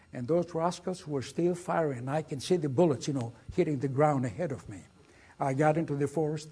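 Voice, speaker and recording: Husky older Greek-accented man telling war stories. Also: on the high side. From Greece. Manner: lively, dramatic storytelling with acted quotes. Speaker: guest speaker. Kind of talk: storytelling lecture.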